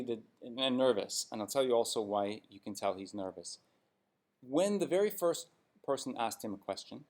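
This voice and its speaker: A man's voice: mid-range voice, a little mellow. A man giving blunt, sarcastic hockey commentary in an opinionated vlog rant.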